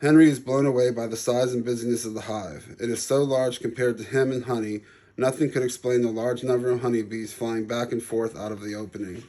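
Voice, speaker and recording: A man, the author, reading his children's storybook aloud in a calm, even storytelling manner. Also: medium pitch, fairly quick.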